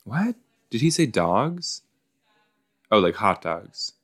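A man's voice: on the low side, big pitch swings, slow pace, fairly bright tone. A man hosting a casual watch-along podcast, reacting chattily to a show with lots of likes and you-knows. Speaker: podcast host reacting to an episode.

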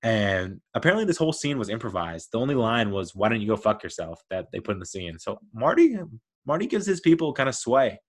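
A man hosting a movie podcast, rambling enthusiastically with lots of fillers and quick laughs. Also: medium pitch, sing-song. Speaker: podcast host. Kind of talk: casual movie review podcast.

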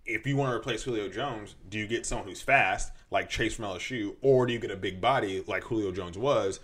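A man co-hosting a podcast, talking excitably and jumping between points in casual sports chat. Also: fairly low pitch. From Southern California. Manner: quick, excitable, jumps between points with lots of "like". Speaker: podcast co-host.

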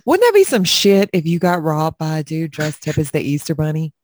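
A woman's voice: sits low, very animated, brisk, darkish tone. A young woman co-hosting a podcast, trading sassy, profane banter in a casual chat. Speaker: podcast co-host.

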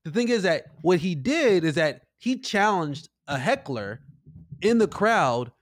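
A man in casual podcast banter, his voice sitting a little high. He talks animatedly and slips into quoted voices as he tells a story. The sound is dry and close. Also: measured pace, no echo. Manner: animated, acts out quoted voices, says "bro" a lot. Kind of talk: casual chat.

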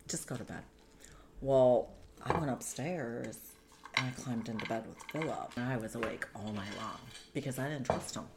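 With a bass voice at a moderate pace and heavy noise around her, a woman speaks as a guest about her own life. Her earnest account pours out candidly in conversation, studded with "like" and "you know."

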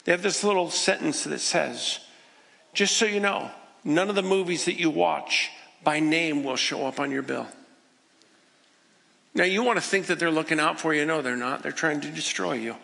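A man preaching a sermon as pastor, telling everyday stories and voicing people's quiet prayers in a conversational way. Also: a little high, moderate pace, creaky, in a large hall. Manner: conversational storytelling, acting out people's inner prayers.

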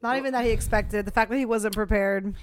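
A young woman co-hosting a podcast, cutting in with questions and quick asides in casual chat. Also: medium pitch, fairly even intonation, a little hiss or hum. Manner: jumps in with questions and quick asides, laughs often. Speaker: podcast co-host.

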